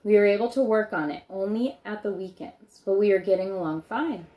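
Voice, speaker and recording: A woman's voice: mid-range voice, fairly quick, dark tone. A woman reading a children's book aloud, stopping now and then to add chatty comments of her own. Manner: chatty asides between read passages.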